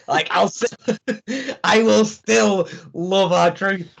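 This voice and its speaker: A man's voice: high voice, extremely slow, vocal fry, fairly bright tone. A man co-hosting a wrestling podcast, talking enthusiastically and laughing as he retells the show. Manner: enthusiastic, laughing, acts out crowd reactions. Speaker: podcast co-host. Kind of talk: casual chat. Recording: dull lo-fi sound.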